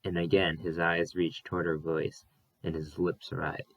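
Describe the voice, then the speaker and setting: A man reading a novel aloud as an audiobook, careful and unhurried, with small slips he corrects. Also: deep voice, flat delivery, vocal fry, a bit bright, no room sound, low-quality recording. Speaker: audiobook reader. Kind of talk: audiobook narration.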